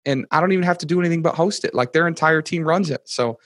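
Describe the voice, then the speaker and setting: A man in his thirties, a podcast guest telling stories in casual chat, excitable and rambling with lots of fillers. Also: fairly high pitch, fast, no room sound.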